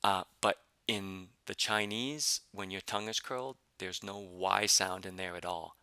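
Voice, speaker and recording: A man teaching a pronunciation lesson, explaining patiently step by step with many fillers and repeating example syllables slowly. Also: low-pitched, fairly even intonation, sharp tone, clear, resonant tone, dry recording. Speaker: language teacher.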